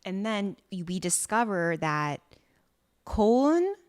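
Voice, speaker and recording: Animated woman co-host with a lively voice. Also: mid-range voice, takes it slowly, clear, resonant tone. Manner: animated storytelling, profane and laughing. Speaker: podcast co-host. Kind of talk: casual chat recapping a TV drama.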